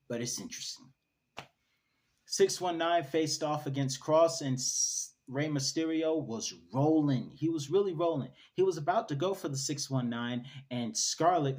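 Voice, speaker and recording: A man giving a casual solo wrestling review, chatty, wry and opinionated. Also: medium pitch.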